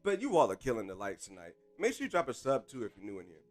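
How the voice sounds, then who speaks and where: A man's voice: mid-range voice, huge pitch swings, quick pace, soft background music. A man hosting a live stream in casual chat, hyped and talking straight to his viewers through a desk microphone. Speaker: streamer host.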